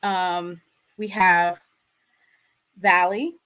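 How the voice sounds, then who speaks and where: A woman's voice: on the low side, level tone, very slow, fairly bright tone, clean tone. A woman, hosting a casual livestream and talking straight to the people in the chat. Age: 30s. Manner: chatty, addresses the chat directly. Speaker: livestream host.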